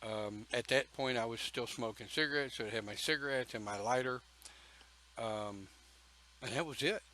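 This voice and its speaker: A man telling a personal story in a slow, folksy, emphatic way, with pauses between phrases. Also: mid-range voice, bright, forceful tone, a little hiss or hum, poor audio. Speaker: pagan church speaker.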